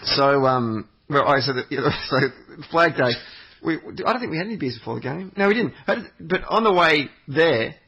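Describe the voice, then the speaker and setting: A man's voice: fairly high pitch, animated, normal speed, pushed and bright, slightly rough, muffled recording. A man, chatting as a podcast guest, telling rambling stories and swearing freely. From Australia. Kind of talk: casual chat.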